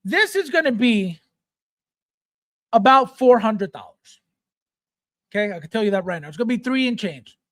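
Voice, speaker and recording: A man's voice: sits high, expressive, normal speed, pauses often, a bit bright, no echo, studio quality. A middle-aged man hosting a live chat show, ranting bluntly, mocking fans in put-on voices, and swearing freely. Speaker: host.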